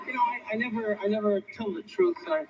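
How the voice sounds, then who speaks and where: An older man fires off teasing insults at a live roast. His voice sits high and swings widely in pitch. The archival recording is thick with loud background noise. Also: lively intonation, dull audio. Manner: teasing, barbed, rapid insults. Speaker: insult comedian.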